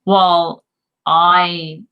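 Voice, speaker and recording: A woman's voice: on the low side, level tone, very slow, smooth, lo-fi sound. A young woman talking candidly to camera in a personal vlog, reflective and self-critical, with the odd curse word. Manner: frank, reflective, self-critical, occasional swearing. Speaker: vlogger.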